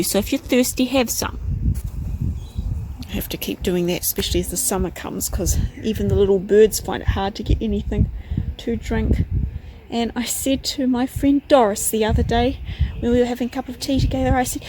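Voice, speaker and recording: A woman chatting casually in a vlog as she wanders her garden, rambling on and sometimes cooing at her pets in a high sing-song voice. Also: steady tone, normal speed, dark tone, low-quality recording. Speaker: vlogger. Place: outdoors in a garden. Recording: outdoor noise with passing vehicles.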